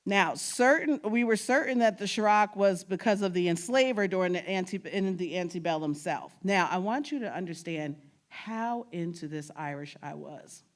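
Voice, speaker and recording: A woman's voice: lowish voice, normal speed. A woman from New York giving a humorous talk on genealogy research, telling stories, laughing often and talking straight to the audience. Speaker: guest speaker on genealogy.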